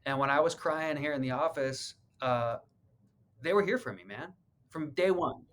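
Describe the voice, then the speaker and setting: A man's voice: a little high, normal speed, fairly bright tone, slight background noise. A man, a real estate agent, telling his personal story in an interview in an earnest, heartfelt way, repeating words when he gets emotional.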